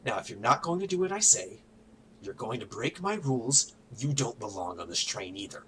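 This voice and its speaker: A man voicing a menacing, bossy male train captain in a mech suit who shouts about his rules. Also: mid-range voice, expressive, moderate pace, distant mic, slight background noise, lightly acted, low-quality recording. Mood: furious. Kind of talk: game master voicing a character.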